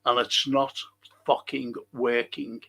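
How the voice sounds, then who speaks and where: A man's voice: medium pitch, level tone, takes it slowly, creaky, pushed and bright, slightly rough. A man hosting a live fan show, reading viewer comments and ranting bluntly with plenty of swearing. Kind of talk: live-stream chat reading and rant.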